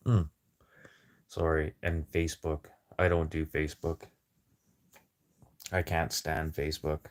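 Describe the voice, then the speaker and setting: A man's voice: a bass voice, little pitch movement, measured pace. A man livestreaming a casual, rambling chat with viewers over a phone, talking in a blunt, profane way.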